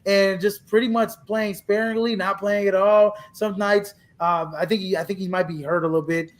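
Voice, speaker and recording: A man's voice: high voice, moderate pace. A man co-hosting a sports podcast, talking casually and animatedly with lots of fillers and restarts. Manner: animated, talks over others, many fillers and restarts. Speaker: podcast co-host.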